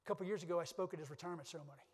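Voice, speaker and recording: A man's voice: fairly high pitch, very fast, breathy edge. A middle-aged man giving a keynote speech at a conference, telling personal stories in an earnest way with many restarts. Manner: earnest storytelling with repeated restarts. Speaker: keynote speaker. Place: conference hall. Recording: long hall reverb.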